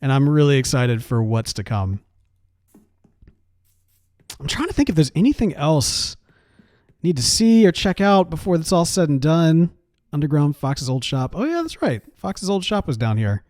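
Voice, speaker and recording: A man's voice: on the high side, sing-song, moderate pace, pauses often, darkish tone, no echo, clean studio sound. A man giving casual, rambling gameplay commentary in a playful, coaxing way. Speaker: game series player.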